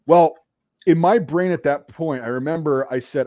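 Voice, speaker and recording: A man's voice: a little high, normal speed, dry recording. A man hosting a podcast, telling a rambling war story in casual, profanity-heavy talk. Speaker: podcast host. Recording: dull dry recording.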